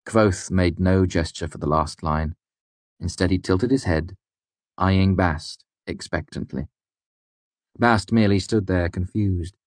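A man narrating an audiobook in a measured, even storytelling voice. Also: low voice, no echo. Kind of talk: scripted narration.

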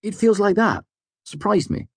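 A man's voice: high-pitched, wildly swooping pitch, normal speed, husky, no room sound, pitched above the performer's own voice, exaggerated voice. A man doing Simon, a jumpy boyish student. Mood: teasing. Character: nervous boyish young male student, teasing. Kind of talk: audiobook character voice.

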